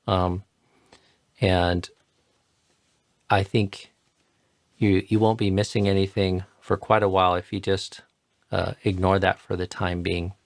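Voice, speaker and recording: A man's voice: sits low, creaky, dry recording. A man patiently explaining and modeling pronunciation in a live chanting tutorial. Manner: patient, explanatory, repeats words slowly to model sounds. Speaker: chanting teacher.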